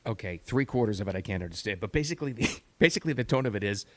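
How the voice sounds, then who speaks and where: A man's voice: lowish voice, expressive, rapid-fire, fairly bright tone. A middle-aged man hosting a talk radio show, giving an emphatic, opinionated monologue that repeats words for stress.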